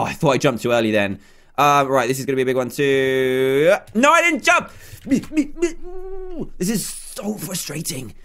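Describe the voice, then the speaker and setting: A man hosting a gaming channel, giving excitable, chatty let's-play commentary and talking to himself as he plays. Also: mid-range voice.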